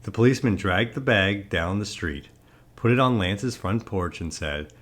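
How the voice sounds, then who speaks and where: A man narrating a children's picture book aloud in an expressive storyteller manner. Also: on the low side, normal speed.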